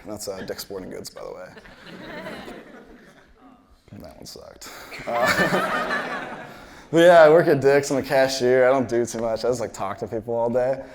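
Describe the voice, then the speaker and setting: A young man in his twenties performs a stand-up set. His delivery is loose and rambling, full of filler words, and he slips into other people's voices when telling stories. His pitch sits in an ordinary middle range for a man. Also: huge pitch swings, moderate pace, noisy background. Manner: acts out quoted voices. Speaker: stand-up comedian. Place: live comedy show.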